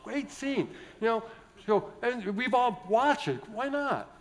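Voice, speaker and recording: A man's voice: very high-pitched, big pitch swings, slow pace. A man, a Catholic priest from the United States, giving a jovial, digressive conference keynote full of restarts and asides. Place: large indoor conference hall.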